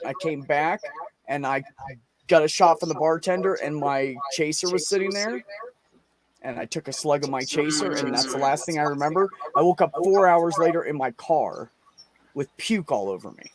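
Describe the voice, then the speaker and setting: A man's voice: a little high, normal speed, crowd noise. A man in a casual podcast chat, telling a long story in a rambling, profane way. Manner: profane, rambling storyteller acting out his own lines. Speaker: podcast host.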